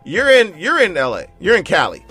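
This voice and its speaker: A man's voice: high voice, huge pitch swings, a little fast, sharp tone, husky, faint music behind. A man hosting a casual interview, joking and teasing his guest. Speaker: host.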